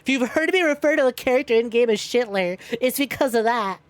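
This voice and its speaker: Woman streamer, kinda high voice, says hi to chat, swears a lot, laughs a bunch. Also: expressive, fairly quick. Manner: greets chat by name, swears freely, laughs often. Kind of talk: casual livestream chat while gaming.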